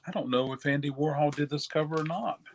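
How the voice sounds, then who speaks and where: A man hosting a record-selling live stream, chatting casually and answering viewer comments, relaxed and rambling with many fillers. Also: fairly high pitch, fast, slight background noise.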